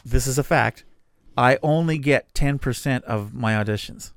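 A middle-aged man co-hosting a podcast in casual chat, animated and jokey. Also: medium pitch, normal speed, clear, resonant tone, no room sound. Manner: animated, jokey, laughs often. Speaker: podcast co-host, freelance voice talent.

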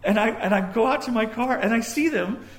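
A man's voice: extremely high pitch, brisk. A young man preaching a sermon, telling a personal story in a conversational way with little asides. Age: young adult.

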